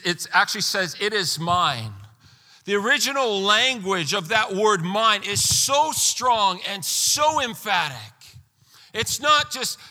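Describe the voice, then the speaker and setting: A man preaching a sermon as pastor, emphatic, pressing hard on key words and rising to near-shouts. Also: sits high, long reverb tail.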